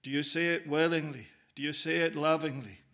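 A man preaching a sermon in measured phrases with frequent pauses, speaking directly to the listeners as "dear friend". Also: on the high side, fairly even intonation, a bit bright.

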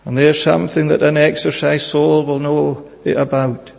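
A man preaching a sermon in a church, earnest and measured, pleading with his hearers and pausing often on "eh". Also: fairly high pitch, flat delivery, vocal fry, darkish tone, long reverb tail.

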